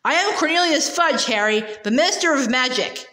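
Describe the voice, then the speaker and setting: A tired, testy middle-aged official speaks in pointed, clipped remarks, as a woman reading the storybook puts him on. The voice is fairly high and carries a roomy echo. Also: animated, fairly quick, pushed and bright.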